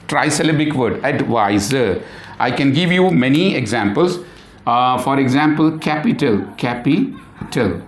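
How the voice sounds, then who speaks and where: Slow, echoey male English teacher. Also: a little high. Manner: slow, repeats words and spells them out letter by letter; asks the class questions and answers them himself. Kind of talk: classroom lesson. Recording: echoey room.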